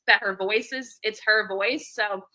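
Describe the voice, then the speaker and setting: A woman co-hosting a casual livestream chat from home, rambling and animated. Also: mid-range voice, unhurried, rough recording. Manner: rambling, animated, talks to her dog. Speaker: co-host. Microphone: headphones with computer mic.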